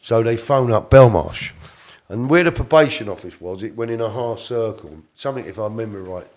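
In a somewhat low, darkish voice, a middle-aged interview guest tells a rambling, casual story a little fast and with animation. He keeps correcting himself and lapses into quoted voices along the way.

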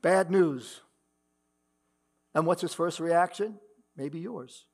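Guy preaching a sermon, kinda high voice w some fry, reads scripture w big emphasis. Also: slow pace, a little mellow. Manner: preaching with rising emphasis, reading scripture aloud. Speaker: pastor. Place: church. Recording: mains hum in the background.

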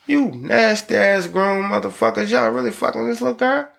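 A man, hosting a podcast in profane, rambling casual chat that breaks into loud excited laughter. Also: high voice, moderate pace, creaky. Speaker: podcast host.

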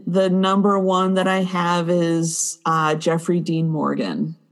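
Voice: mid-range voice, little pitch movement, takes it slowly. A podcast co-host in casual chat, reacting with brief, enthusiastic exclamations.

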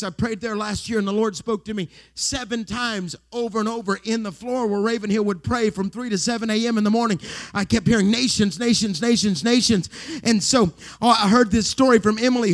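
Middle-aged male preacher with a high voice, dynamic sermon delivery that swings from whispering to exclaiming. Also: fairly bright tone. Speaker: pastor.

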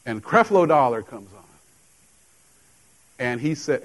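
A man's voice: mid-range voice, sing-song, takes it slowly, rough recording. Man preaching a casual sermon. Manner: conversational preaching, jokes and laughs with the congregation. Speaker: pastor. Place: church.

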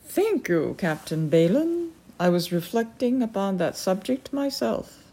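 A woman's voice: medium pitch, very animated, measured pace, mellow, breathy edge, pitched above the performer's own voice, heavily acted. A woman voicing a stern, commanding female peregrine falcon in a storybook reading, formal and imperious.

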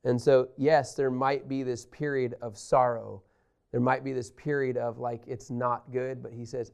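A man's voice: medium pitch, unhurried, creaky. Emphatic man teaching scripture. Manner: animated, emphatic, addresses listeners directly. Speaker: Bible teacher. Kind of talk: Bible lesson reading and explaining scripture.

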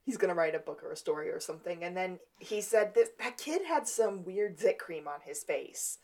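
A woman's voice: fairly low pitch, expressive, normal speed, darkish tone. Woman on a podcast recapping a tv episode, easygoing chat, does little voices for the characters. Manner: retells scenes, acting out quoted lines. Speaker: podcast co-host.

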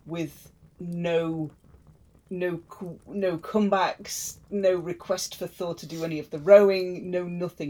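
A woman's voice: lowish voice, fairly even intonation, slow, mellow, poor audio. A woman hosting a podcast, retelling a myth in a chatty, wry way. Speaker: podcast host.

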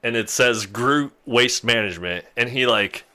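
Bright-voiced man telling a lively story. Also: medium pitch, normal speed. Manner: animated, laughs often while telling a story. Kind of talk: casual storytelling chat.

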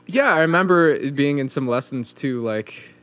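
Young man, new guitar instructor, mid-pitched, earnest and reflective, casual. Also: animated, normal speed, a bit bright. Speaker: guitar instructor, former student. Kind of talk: casual conversation.

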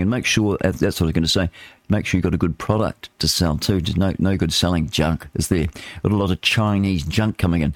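A man's voice: sits low, no echo. A man, hosting a breakfast radio show and chatting in a rambling, self-deprecating way. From New Zealand. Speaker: radio host. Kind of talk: casual breakfast radio chat.

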